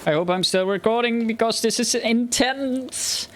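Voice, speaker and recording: In this let's play, a gamer mutters nervously to himself about his gameplay, jumpy and scared, letting out yelps at frightening moments. His very high-pitched voice moves a little slowly, with a slight hiss or hum on the recording.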